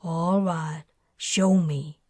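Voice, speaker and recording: A woman voicing Ariel, a shrewd, mocking female underworld boss with a wry, smooth manner, in an audiobook. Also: low-pitched, fairly even intonation, very slow, dark tone, dry recording, voice pushed down, exaggerated voice.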